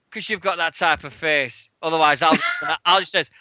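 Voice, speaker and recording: A British man hosts a wrestling radio show, telling a swear-laden anecdote with lively energy. His voice is bright and a touch high. It sits close and dry on the mic. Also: moderate pace, no room sound. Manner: animated, swearing, shouting out quoted lines. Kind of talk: casual storytelling chat.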